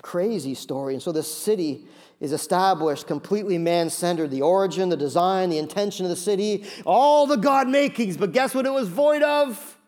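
A man preaching a sermon, telling a story with animated asides and acted-out voices. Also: high-pitched, brisk. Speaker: pastor.

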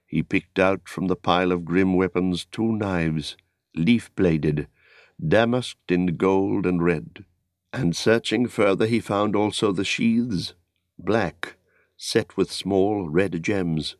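Male audiobook narrator, deep, deliberate, dry close sound. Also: no echo. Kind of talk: scripted narration.

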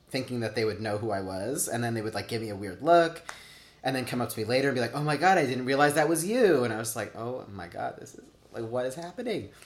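A man in his thirties, interviewed for an oral history, telling personal stories casually with lots of "like" fillers and acted-out quotes. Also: mid-range voice. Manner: chatty, many "like" fillers, acts out quotes. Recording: roomy echo.

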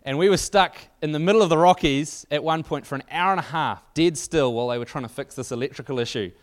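A man's voice: fairly high pitch, fast. A man preaching to a church audience, telling a wry anecdote loosely with fillers and restarts. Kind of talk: storytelling sermon.

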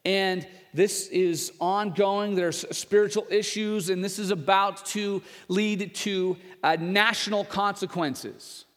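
Man, pastor, sermon storytelling, slightly high voice, long church-hall reverb. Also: steady tone, slow, few pauses. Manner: storytelling, acts out voices of others with loud raised pitch.

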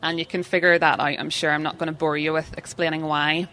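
A woman's voice: low-pitched, little pitch movement, quick pace, pushed and bright. A woman giving an interactive live seminar talk, chatty and self-deprecating, putting questions to the audience. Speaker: seminar speaker.

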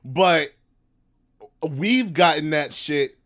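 A man's voice: on the high side, lively intonation, drawn-out words, a bit bright. A man co-hosting a casual podcast chat, stammering and repeating his words.

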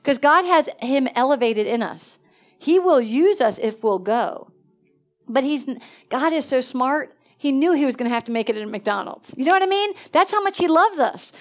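A woman preaching in a lively storytelling way, jumping from excited bursts to hushed, quiet asides. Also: high voice. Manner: animated, swings between excited exclamations and hushed asides. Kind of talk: storytelling sermon.

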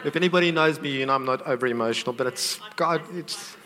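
A man's voice: mid-range voice, fast, sharp tone, in a large hall. A middle-aged man teaching on faith, earnest and heartfelt, openly emotional as he tells a family story. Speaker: Christian teacher.

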